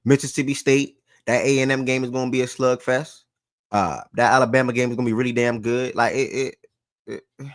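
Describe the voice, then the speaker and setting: A man's voice: mid-range voice, fairly even intonation, brisk, no room sound. A man hosting a sports talk show in a loose, slangy way, repeating phrases for emphasis and getting worked up.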